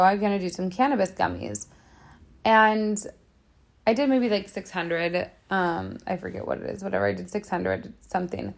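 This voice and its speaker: A woman hosting a podcast in a casual, rambling monologue, emphatic and full of repeated phrases and fillers. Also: on the low side. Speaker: podcast host.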